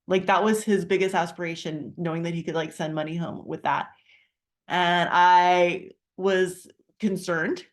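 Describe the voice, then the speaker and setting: A middle-aged woman telling a heartfelt personal story and pitching a wellness business in a chatty way, with many fillers and restarts. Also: fairly even intonation, unhurried.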